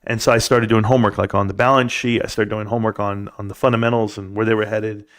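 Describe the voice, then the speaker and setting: On a livestream, a man rants casually about the stock market, wandering through long stories and hammering home emphatic rhetorical questions. His voice is on the low side and slightly bright, with a level tone and a fast delivery.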